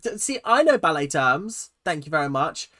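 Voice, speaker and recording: A man, hosting a casual reaction video, jokey and animated, laughing at himself. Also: fairly high pitch, normal speed.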